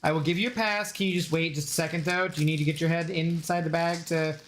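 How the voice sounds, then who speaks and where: A man's voice: a little high, steady tone, fast, a bit bright, a little hiss or hum. A man live-streaming from home, chatting casually with his viewers, greeting them by name and joking around. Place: home room.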